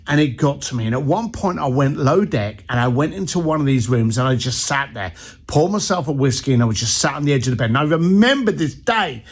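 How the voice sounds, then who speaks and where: A man delivers a motivational story with blunt, punchy directness, acting out bits of dialogue as he goes. His voice sits high and swings widely in pitch. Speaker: entrepreneur coach.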